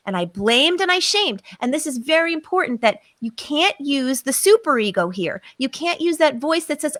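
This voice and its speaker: A woman's voice: high-pitched, very animated, moderate pace, few pauses, fairly bright tone, no echo. A middle-aged woman, a psychotherapist, telling her own story emphatically on a podcast and acting out her inner voices. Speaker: psychotherapist guest.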